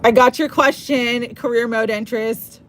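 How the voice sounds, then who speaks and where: Reading tarot on a live stream, a woman speaks at a moderate pace with a fairly high, steady, fairly bright voice. She's gushing and emotional, at moments close to crying, and a little hiss or hum is audible.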